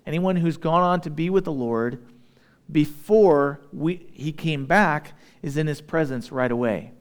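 A man preaching a sermon as a pastor, talking in a conversational way and checking in with his listeners. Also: fairly high pitch.

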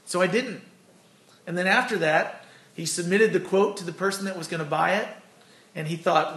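A man's voice: high-pitched, fairly quick, fairly bright tone. A man preaching an earnest, conversational sermon with personal stories, then closing in prayer. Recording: echoey room.

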